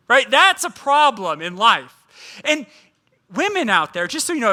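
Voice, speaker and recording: Bright, lively male guest preacher. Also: sits high. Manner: humorous, conversational preaching with playful asides. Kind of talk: sermon.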